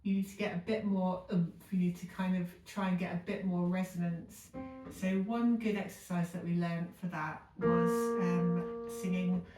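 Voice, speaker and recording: A woman teaching a singing lesson, explaining calmly with frequent ums and demonstrating exercises herself. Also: fairly low pitch, moderate pace. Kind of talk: vocal technique lesson with sung demonstrations. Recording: echoey room, voice a bit far from the mic, piano faintly behind.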